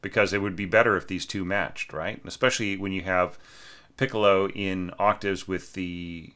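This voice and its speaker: Low bright-toned man critiquing a score. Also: fairly even intonation, normal speed, clear, resonant tone. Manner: conversational, frequent "right?" and restarts; sings bowings and rhythms aloud. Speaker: orchestration teacher.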